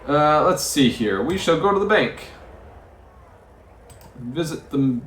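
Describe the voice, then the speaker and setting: Man, game let's play, reads text aloud, lively up-and-down pitch, roomy echo. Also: slow pace, pauses often, a little hiss or hum. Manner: muses aloud, stumbling over words and chuckling.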